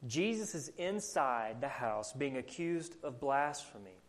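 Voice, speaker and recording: A man's voice: medium pitch, very animated, measured pace. A man with a Southern US accent preaching a sermon, earnest and full of rhetorical questions. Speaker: pastor.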